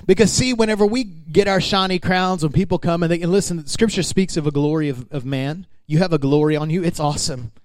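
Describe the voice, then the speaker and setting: A man's voice: fairly high pitch, a little fast, hardly any pauses, darkish tone, dry recording. A male pastor preaching a sermon in an emphatic, conversational way, speaking straight to his congregation.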